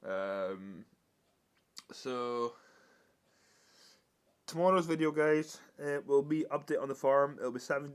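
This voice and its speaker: A man's voice: on the high side, clear, resonant tone. A young man, chatting in a casual vlog, rambling with many restarts and scolding and cooing at his dog. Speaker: vlogger.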